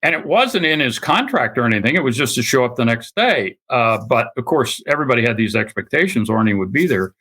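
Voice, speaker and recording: A man's voice: mid-range voice, big pitch swings, fairly quick, few pauses, sharp tone. An older man, a guest author, telling anecdotes in an interview, acting out what others said and laughing often. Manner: anecdotal, acts out quoted voices, laughs often. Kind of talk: storytelling interview.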